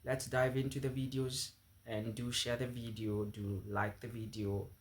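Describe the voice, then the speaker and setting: A man's voice: mid-range voice, level tone, measured pace. A man hosting a commentary channel, talking earnestly to his viewers. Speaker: channel host. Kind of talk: commentary to camera.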